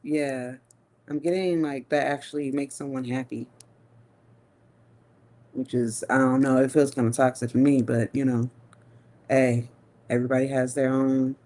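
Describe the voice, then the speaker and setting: A woman giving a live tarot reading, musing slowly with long hums and pauses, and talking in a casual, profane way. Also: rumbling low, flat delivery, warm tone. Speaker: tarot reader.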